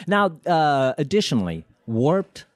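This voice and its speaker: A man's voice: fairly high pitch, big pitch swings, measured pace, no echo. A man co-hosting a podcast in casual chat, hesitating often with fillers. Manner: hesitant, filler-heavy delivery. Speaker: podcast co-host.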